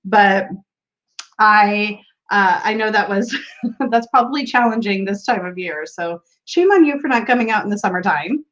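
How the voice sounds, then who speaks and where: A woman's voice: medium pitch, lively intonation, moderate pace, fairly bright tone, highs cut off. A woman hosting a casual tarot livestream from a room at home, greeting viewers by name and laughing often.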